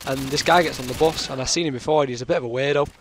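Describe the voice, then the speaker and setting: A British man with a sore throat chats through a rambling anecdote over his game footage, stuffing his talk with fillers. His pitch sits in an ordinary middle range, and a faint hiss runs under the recording. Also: rapid-fire. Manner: rambling, chatty, full of fillers. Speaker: gaming commentator. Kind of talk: casual storytelling over gameplay.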